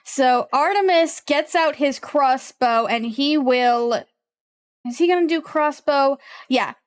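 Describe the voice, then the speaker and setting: High-voiced, unhurried woman game master. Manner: unhurried, thinks aloud while checking rules. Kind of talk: running a tabletop game online.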